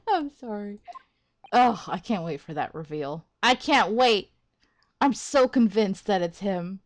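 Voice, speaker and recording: A woman hosting a game let's play, chatting through it in an animated, playful way, with frequent laughter and rambling asides. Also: mid-range voice, slow, long pauses. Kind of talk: game commentary.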